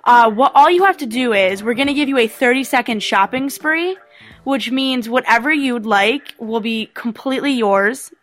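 Bright-voiced woman pulling a phone prank. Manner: brisk, persuasive sales-pitch patter. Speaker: prank caller.

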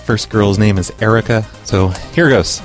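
A man's voice: fairly low pitch, normal speed, loud music behind the voice. A man hosting a prank call radio show, brash and profane, talking casually and posing as an official on calls.

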